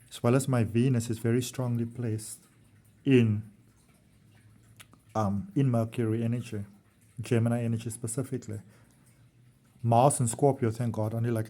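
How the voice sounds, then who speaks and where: A South African man in his early 40s does a casual tarot reading vlog for his viewers. His warm, mellow voice sits mid-range for a man, and he's chatty, wandering, affectionate, and quick to chuckle.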